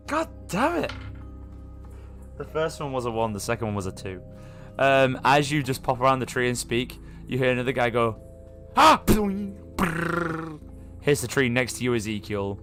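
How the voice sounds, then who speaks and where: A man narrating a tabletop game as game master, halting often and restarting his sentences. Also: medium pitch, a bit bright, soft background music. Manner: halting, full of fillers and restarts.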